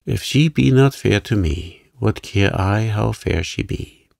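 A man voicing a charming, playful young gentleman artist in a sleep-story reading, teasing and light. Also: fairly low pitch, expressive, unhurried, vocal fry, no room sound, full character voice.

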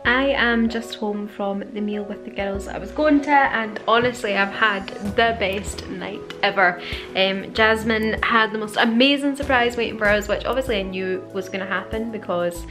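A woman's voice: medium pitch, moderate pace, music in the background. A British woman in her twenties chatting casually to camera in a vlog, gushing and full of fillers. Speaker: vlogger. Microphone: handheld camera.

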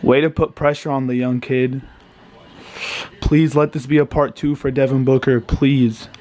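A man's voice: mid-range voice, fairly even intonation, measured pace, darkish tone. A young man in his twenties reacting live to a basketball game at home, anxious and pleading, swearing and groaning as he talks into a handheld camera. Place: home, indoors.

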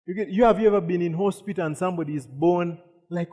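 Pastor preaching in a reverberant hall. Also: male voice, high-pitched, quick pace, warm tone. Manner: repeats words, asks the congregation questions. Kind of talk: sermon.

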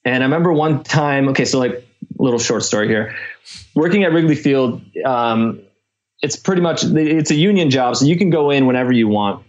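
A young man from Chicago tells a long story as a guest, rambling along with plenty of "like" and "um". His voice sits at an ordinary middle pitch. The recording sounds a little dull and lo-fi. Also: moderate pace. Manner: rambling, filler-heavy, animated storytelling. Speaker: podcast guest. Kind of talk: casual storytelling.

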